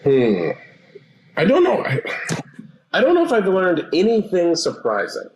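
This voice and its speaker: A man in his forties, a therapist guest, explaining things in a calm, assured way. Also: sits high, unhurried, slight background noise. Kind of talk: interview answers.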